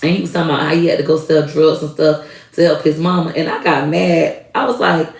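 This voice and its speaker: A woman's voice: deep voice, brisk, vocal fry, a little mellow, reverberant, far from the mic, rough recording. A woman in her thirties ranting to camera in a blunt, heated, profane way. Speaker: vlogger. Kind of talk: casual rant to camera.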